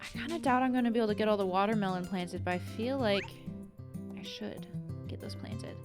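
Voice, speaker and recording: A woman's voice: medium pitch, a little fast, over music. A young woman streaming a farming game, chatting casually and thinking aloud as she plays. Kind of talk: casual gameplay commentary.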